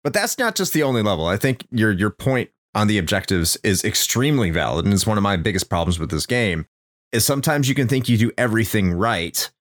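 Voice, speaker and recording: A man's voice: fairly low pitch, lively intonation, brisk. A man co-hosting a casual game discussion, ranting in an exasperated way and swearing often. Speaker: podcast co-host.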